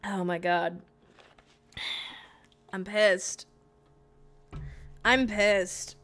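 A woman's voice: medium pitch, expressive, slow pace, pauses often, a bit bright. A woman streaming a video game live, frustrated and swearing, repeating herself as she talks to her chat.

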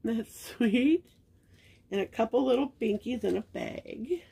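A reborn doll collector and channel host, middle-aged, unboxes baby clothes for her viewers in a casual chat, gushing, sentimental and heavy on fillers. Her voice is on the high side and expressive, unhurried, creaky, warm and slightly rough.

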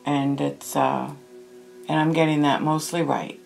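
A woman voicing a boisterous, joking male ghost who lives in an old house, speaking loud and teasing. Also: low-pitched, steady tone, measured pace, gravelly, faint music behind, exaggerated voice. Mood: jovial.

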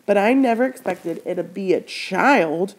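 A woman's voice: mid-range voice, animated, measured pace, slight background noise. A woman reading aloud voices a kindly, flustered farm mother who pleads breathlessly and tries to soothe a frightened child. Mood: helpless.

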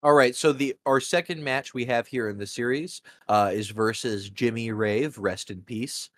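A man hosting a casual wrestling podcast, talking in halting bursts with lots of fillers. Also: mid-range voice, no room sound, clean studio sound. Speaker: podcast host. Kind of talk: casual chat.

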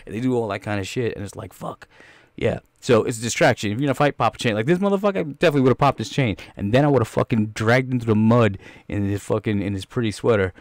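A man hosting a podcast, reacting to a film trailer with crude, animated commentary and frequent laughter. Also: on the low side, fast, no room sound. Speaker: podcast host.

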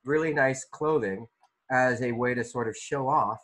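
A man's voice: medium pitch, normal speed, fairly bright tone, rough recording. A male art teacher leading an online class discussion, asking students questions by name, with loose, restart-filled phrasing. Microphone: video call.

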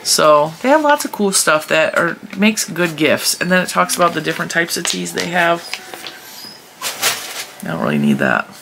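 A woman's voice: fairly low pitch, moderate pace, gravelly, hardly any pauses, noisy background. A woman vlogging casually at her desk, chatty and rambling with frequent laughs, sounding stuffy from allergies. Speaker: crochet channel vlogger. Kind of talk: casual chat vlog.

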